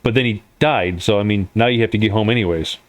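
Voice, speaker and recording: A man's voice: on the low side, fast talker. A man narrating a tabletop role-playing game as game master, in a loose way with frequent fillers. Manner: loose, many fillers and restarts, laughs easily.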